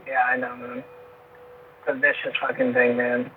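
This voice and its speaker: A man's voice: medium pitch, monotone, unhurried. A man in casual phone chat, blunt and profane, talking at length. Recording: tinny phone line with faint noise.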